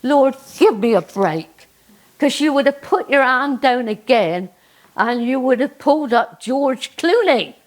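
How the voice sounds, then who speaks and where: A woman playing an older Cornish woman, Cornish accent, high fussing voice, chatty, honest. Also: animated, a little slow, rough recording. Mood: cheeky. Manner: fussing, breathless exclamations.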